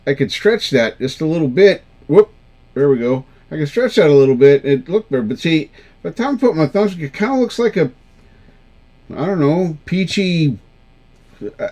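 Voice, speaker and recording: A man's voice: medium pitch, a little mellow. A man hosting a live karaoke stream, chatting casually with viewers in a rambling, self-deprecating way. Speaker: livestream karaoke show host.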